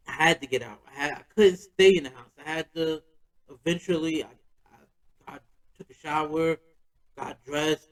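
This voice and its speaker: A man's voice: a little high, poor audio. A man hosting a podcast, telling a personal story in a loose, slangy, conversational way. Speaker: podcast host.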